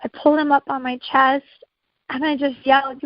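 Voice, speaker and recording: A woman's voice: sits high, level tone, normal speed, no echo, muffled recording. A woman co-hosting a podcast, earnestly telling her own emotional birth story. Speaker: podcast co-host.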